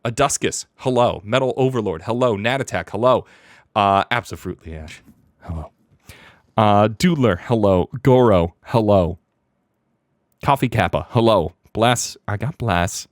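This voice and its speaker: A man's voice: on the low side, a little slow, dry recording, clean studio sound. A man hosting a live reaction stream, talking in a hyper, playful, rambling way, laughing often and reading out chat names. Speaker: streamer host.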